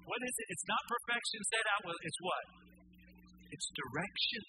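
A man's voice: very high-pitched, huge pitch swings, moderate pace, noisy background. A man preaching a sermon as pastor, emphatic, asking the congregation questions and answering them.

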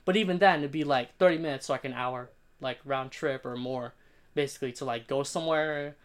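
A man's voice: mid-range voice, a little fast. A man from Northern California hosting a podcast, chatting casually with rambling, slangy stories and frequent laughs. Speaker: podcast host.

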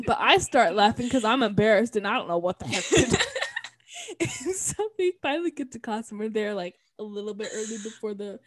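A woman's voice: a little high, sing-song, brisk, no room sound. A young woman in college telling an embarrassing story in casual chat, laughing often as she talks. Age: young adult. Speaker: podcast co-host.

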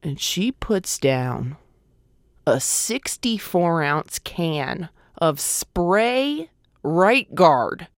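A woman's voice: fairly low pitch, very animated, extremely slow, no echo, clean studio sound. A woman comedian telling a stand-up story, breaking into exaggerated voices for other people. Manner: acts out characters in loud squealing voices.

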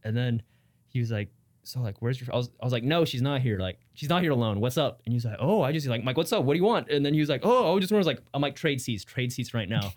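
A man co-hosting a podcast, telling a story in a casual, animated way, acting out the quotes and swearing a lot. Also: mid-range voice, fast. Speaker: podcast co-host.

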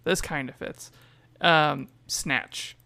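A man's voice: a little high, fairly even intonation, extremely slow, gravelly, bright, forceful tone, clean tone. A man in a casual podcast chat, talking loosely with lots of fillers and swearing. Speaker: podcast co-host.

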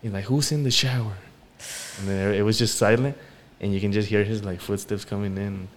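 A man co-hosting a podcast, telling a story in a relaxed, rambling way with many fillers. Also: fairly low pitch, fairly quick, slight background noise. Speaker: podcast co-host. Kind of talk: casual storytelling chat.

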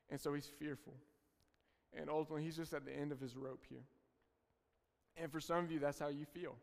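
A man's voice: fairly high pitch, steady tone, fairly quick, long reverb tail. A man preaching a sermon to a congregation, earnest and direct in his address. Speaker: pastor.

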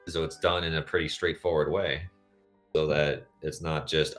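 A man's voice: a bass voice, steady tone, normal speed, a bit bright, soft background music. A man co-hosting a podcast in casual chat, rambling from tangent to tangent. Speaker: podcast co-host.

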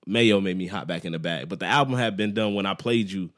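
A man's voice: sits low, fast talker. A man, a musician guest, chatting casually on a podcast and telling loose, slang-heavy stories. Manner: relaxed, slang-heavy storytelling.

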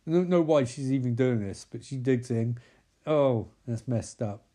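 A man's voice: mid-range voice, moderate pace, mellow. A man rambling through a comic film recap, swearing and interrupting himself. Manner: rambling, profane, self-interrupting.

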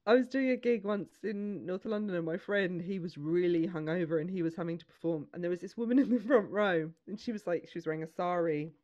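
A woman's voice: on the low side, fairly quick, hardly any pauses, a little mellow, highs cut off. A woman comedian and mother chatting as a podcast guest, rambling and laughing through her stories. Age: adult with children. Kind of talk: casual chat over a remote call.

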